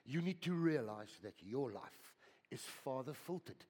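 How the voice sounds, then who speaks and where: An older man preaching a sermon as pastor, swinging from loud, high exhortation to hushed whispers and repeating his words. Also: animated, unhurried, husky. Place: church hall. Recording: long hall reverb.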